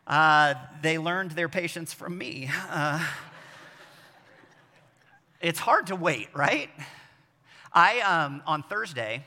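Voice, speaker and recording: A man in his forties preaching a sermon as pastor, telling self-deprecating stories with animated delivery. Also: on the high side, slow, long pauses. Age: 40s. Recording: long echo of a large hall.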